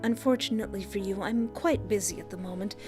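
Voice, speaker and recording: A woman's voice: medium pitch, fast, natural voice. A woman doing a dry, sardonic vampire detective. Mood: dry, wry. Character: brash, flirtatious female vampire detective. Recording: background music under the voice.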